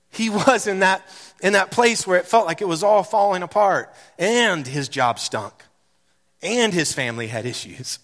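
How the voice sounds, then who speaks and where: A man in his thirties preaching a sermon, animated and building to loud repeated declarations. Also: medium pitch, normal speed, big-room sound. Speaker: pastor. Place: church sanctuary.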